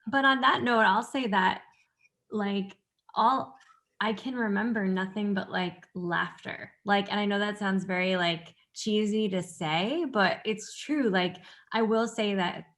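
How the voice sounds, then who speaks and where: A woman's voice: fairly low pitch, vocal fry, fairly bright tone. A woman earnestly reflecting on a positive community theater experience on a video call. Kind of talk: casual reminiscing on a video call.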